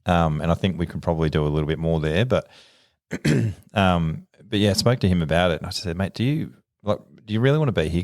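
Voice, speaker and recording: Very deep-voiced fast Australian man. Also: no echo, studio quality. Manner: animated storyteller, acts out quoted dialogue, laughs often. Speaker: police officer. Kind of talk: casual podcast chat.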